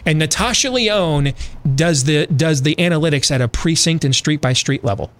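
A man's voice: a little high, normal speed, fairly bright tone. Emphatic male talk radio host. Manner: emphatic, addresses listeners directly. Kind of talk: opinionated commentary.

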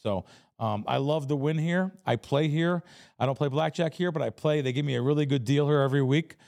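Brisk and creaky, his voice on the high side, a man from the Bronx in New York who bets on sports professionally tells animated stories. He's blunt throughout the casual interview.

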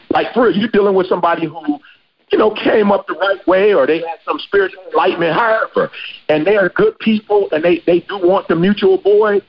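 Guy hosting a podcast, casual slangy talk, kinda husky, slightly high-ish voice, lo-fi sound. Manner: emphatic, conversational, slangy. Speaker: podcast host.

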